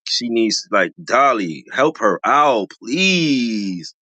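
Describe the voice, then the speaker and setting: A casual reality show commentator talking slangy and fast, hammering the same phrases over and over. The voice is bright and forceful, with pitch that swings widely and leaps high with excitement. The recording is dry, with no room sound. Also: dry recording, lo-fi sound. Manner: animated, repeats phrases for emphasis, slangy; voice jumps high when excited.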